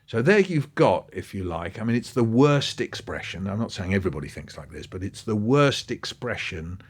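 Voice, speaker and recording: Animated man, low voice. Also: moderate pace, husky. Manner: animated storytelling, swinging pitch. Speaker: guest. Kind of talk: conversational podcast interview.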